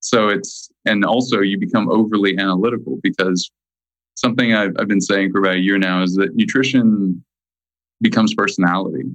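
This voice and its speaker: Emphatic low-voiced man, dry sound. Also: fairly even intonation, fairly bright tone, dry recording, rough recording. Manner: emphatic, slows down to stress key points. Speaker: guest, nutritionist. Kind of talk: casual interview chat.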